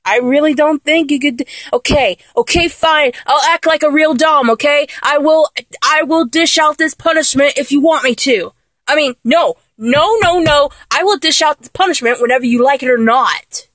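A woman's voice: high voice, normal speed, fairly bright tone, dry recording. A woman as a flustered would-be dominant lover. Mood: exasperated. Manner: exasperated, keeps correcting herself. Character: flustered young woman trying to act dominant. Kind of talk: comedic audio role-play.

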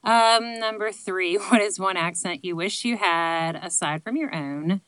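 A woman's voice: mid-range voice, a little slow, fairly bright tone, clear, resonant tone, dry recording, rough recording. A woman in her late thirties with a Southern accent, chatting casually to camera and answering questions in a rambling, self-deprecating way full of ums. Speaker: vlogger answering viewer questions. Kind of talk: casual chat.

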